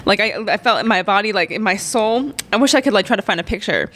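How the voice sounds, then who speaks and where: A woman's voice: mid-range voice, lively intonation, quick pace, a bit bright. A young woman podcast host, telling a personal story in a chatty way, full of "like". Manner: chatty, heavy on fillers like "like".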